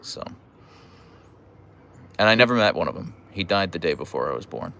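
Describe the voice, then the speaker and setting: A man's voice: low-pitched, very animated, normal speed, creaky, fairly bright tone, a little hiss or hum. A man from Pittsburgh with a Pittsburgh accent, chatting casually on a livestream, reading viewer comments and teasing. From United States. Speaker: livestream host reading chat.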